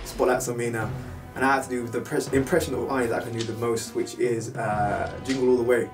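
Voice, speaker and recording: A British man telling a story in a casual, animated way to his viewers, now and then breaking into loud film impressions. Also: mid-range voice, fairly quick, distant mic, over music. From United Kingdom. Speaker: vlogger.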